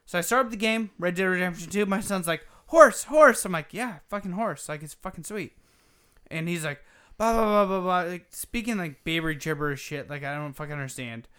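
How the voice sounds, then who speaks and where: Fairly quick and smooth, this man's high voice carries a long, casual story on the gaming podcast he co-hosts. He swears freely and acts out the quotes as he goes, making for profane, animated storytelling.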